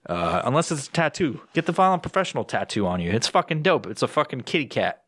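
A man's voice: fast talker, dry recording, clean studio sound. Profane rambling male podcast host. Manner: profane, rambling, swears constantly; jumps into high excited voice when quoting himself. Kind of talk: casual solo podcast rant. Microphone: podcast microphone with headphones.

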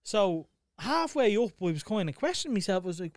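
High-voiced Dublin man telling a story. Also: a little fast, hardly any pauses, no echo, studio quality. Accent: Dublin Irish. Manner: swearing, animated retelling. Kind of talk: casual storytelling chat.

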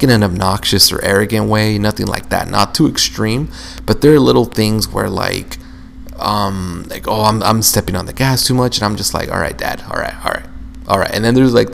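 A young man hosts a casual solo podcast, rambling along and venting with plenty of swearing. His fairly low voice is thick with gravelly fry. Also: fairly bright tone, slight background noise. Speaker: podcast host.

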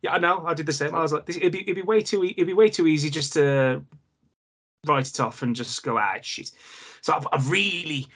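Husky, halting podcast man. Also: a little high, fairly bright tone. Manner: hesitant, halting restarts, laughs easily. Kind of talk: casual film review chat.

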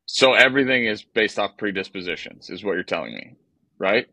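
A lower-pitched man with a bright, forceful tone tells stories on a podcast in a profane, exasperated style. The mic is close and the sound is dry. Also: a little fast, creaky, breathy edge, no echo, poor audio. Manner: animated, profane, exasperated storytelling. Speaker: podcast co-host, former baseball player. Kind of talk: casual podcast storytelling.

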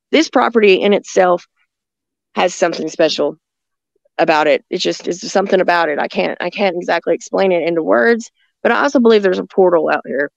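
Woman, rambling casual storyteller, gravelly voice, dull lo-fi call audio. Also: medium pitch, dry recording. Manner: rambling, halting, many restarts and fillers. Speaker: guest telling encounter stories. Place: rural home outdoors near woods.

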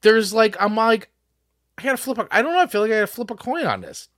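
A man's voice: sits high, very animated, quick pace, a bit bright, no echo, clean studio sound. A man co-hosting a casual music podcast, talking animatedly with frequent laughs and restarts. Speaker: podcast co-host.

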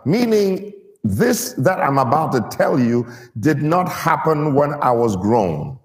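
A man's voice: on the high side, sing-song, takes it slowly, big-room sound. A man preaching a sermon to his church, stressing key words and getting the people to repeat them. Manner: emphatic, draws out key words and gets the congregation to repeat.

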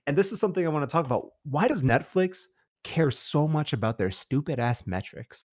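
A man's voice: a little high, very animated, brisk, darkish tone, dry recording. Rambling, enthusiastic man, dry sound. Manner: rambling and enthusiastic, many restarts and "like"s. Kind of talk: casual chat.

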